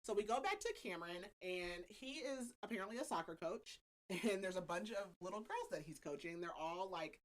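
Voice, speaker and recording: A woman with a mid-range voice and lively intonation speaks a little fast. She's a podcast host casually recapping a book's plot, chatting and laughing with plenty of filler words.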